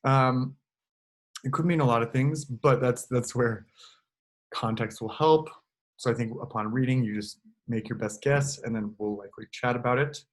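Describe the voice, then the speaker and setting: A man, a choir director, giving an online choral lesson in a relaxed, explanatory way, now and then singing short examples into a computer mic. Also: medium pitch, moderate pace.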